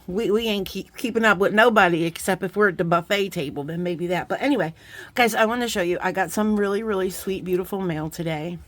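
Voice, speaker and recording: A woman hosting a beading channel, talking casually through an unboxing with bubbly, excitable asides. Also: on the low side.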